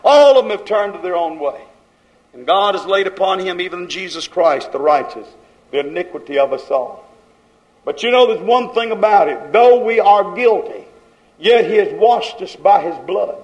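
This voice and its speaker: A high-voiced man delivers a fiery sermon. He scolds his listeners in a steady, rhythmic pile-up of repeated phrases, with plain folksy grammar. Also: moderate pace, rough recording. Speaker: preacher.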